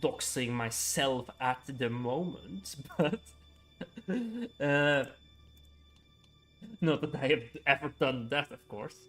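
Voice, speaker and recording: A man's voice: mid-range voice, slow pace, pauses often, a bit bright, soft background music. A young man chatting casually on a gaming livestream, rambling with frequent chuckles and filler words.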